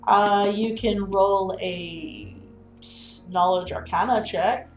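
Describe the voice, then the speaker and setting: A woman narrating a tabletop game as game master, in a relaxed, easygoing way. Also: mid-range voice, takes it slowly. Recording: echoey room.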